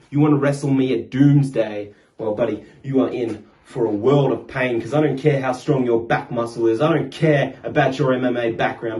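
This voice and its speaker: Brief: mid-pitched man, smug mocking wrestling promo, echoey room. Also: a little mellow. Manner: smug, taunting, calls rival buddy and pal. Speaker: backyard wrestling promo talker.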